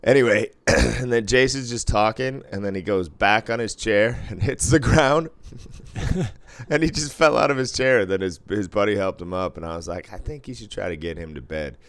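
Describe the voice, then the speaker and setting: A man's voice: normal speed, fairly bright tone, no room sound. A man who works as a casino pit boss, chatting casually, laughing and swearing as he tells stories. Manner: laughing storyteller, swears freely, acts out others in a higher voice. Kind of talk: casual chat.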